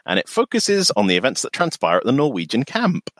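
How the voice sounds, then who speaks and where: Animated man with dry wit. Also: mid-range voice, a little fast, dry recording. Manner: dry, self-deprecating humor with frequent laughs. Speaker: podcast co-host. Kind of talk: casual podcast banter.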